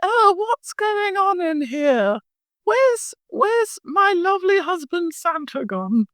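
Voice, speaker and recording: A man voicing Mrs. Claus as a bossy old woman in a high falsetto, in an improvised bedtime story. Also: sing-song, slow pace, a bit bright, no echo, clean studio sound, heavily acted. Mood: fussy. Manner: high shrill falsetto, exaggerated.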